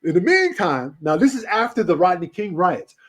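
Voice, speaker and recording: A man with a slightly raised voice tells rambling stories in a relaxed interview. He laughs often and swears freely. He talks like a radio host swapping old memories. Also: high voice, moderate pace, slightly rough. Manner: animated, laughing, swearing storyteller. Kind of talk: casual storytelling interview.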